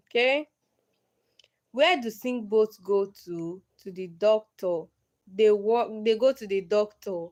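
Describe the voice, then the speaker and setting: A young woman hosting a casual livestream, slowly reading riddles aloud and answering them herself. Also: mid-range voice, darkish tone. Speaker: livestream host.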